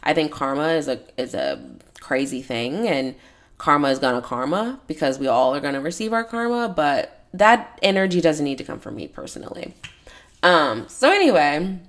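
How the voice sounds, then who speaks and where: A young woman with a hoarse, raspy throat, rambling in a casual solo podcast chat full of fillers. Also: low voice, lively intonation, moderate pace. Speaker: podcast co-host.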